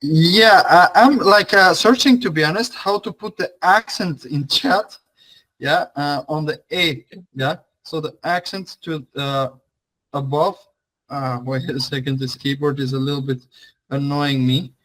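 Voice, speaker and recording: A man's voice: fairly high pitch, fairly even intonation, a little slow, fairly bright tone, low-quality recording. Chatty young man teaching an online class. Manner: chatty, loose, frequent fillers and restarts. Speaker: language teacher.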